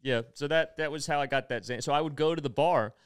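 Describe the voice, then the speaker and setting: A young man co-hosting a podcast, telling animated, profane stories and acting out the people in them. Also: fairly high pitch, fast talker, clean tone. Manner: animated, swears a lot, acts out quoted people. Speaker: podcast co-host. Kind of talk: casual storytelling chat.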